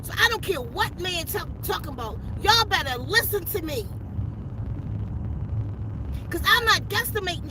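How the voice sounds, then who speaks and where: A woman's voice: very high-pitched, noisy background. A woman, delivering an emphatic, profane, preachy spiritual rant straight to camera. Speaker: channel host giving a spiritual message.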